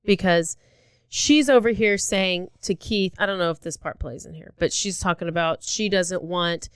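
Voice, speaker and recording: A woman co-hosting a casual true-crime podcast, telling the story in animated bursts with sudden jumps in pitch. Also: normal speed, smooth, dry recording, clean studio sound. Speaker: podcast co-host.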